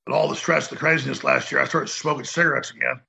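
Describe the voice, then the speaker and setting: Heavily gravelly ranting radio man. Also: medium pitch, steady tone, quick pace, sharp tone. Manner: heated, rambling, emphatic. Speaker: talk radio host.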